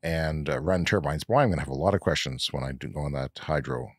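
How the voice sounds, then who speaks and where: A man's voice: extremely low pitch, fast talker, slightly rough, no echo. A Canadian man co-hosting a podcast, reading news and letters in a wry, joking manner. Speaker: podcast co-host. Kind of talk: casual podcast chat.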